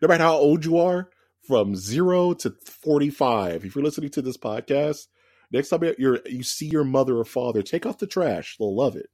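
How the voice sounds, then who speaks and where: This is a man co-hosting a podcast who talks in an animated, opinionated way, his pitch swinging widely as he rants. His voice has a husky, slightly raspy grain. The sound is dry and close, with no room around it. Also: normal speed, no echo. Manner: animated, opinionated ranting with many fillers. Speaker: podcast co-host. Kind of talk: casual chat.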